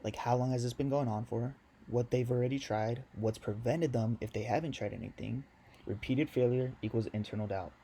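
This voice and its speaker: A man's voice: mid-range voice, a little fast, warm tone, slight background noise. A young man giving a casual video lesson on sales, slangy, loose and chatty, talking straight to his viewers. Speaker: sales coach.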